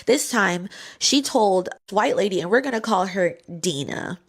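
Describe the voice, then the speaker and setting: A young woman telling a personal story in a casual, animated way, acting out the voices of the people in it. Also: medium pitch, measured pace. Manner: animated, acts out voices in quotes.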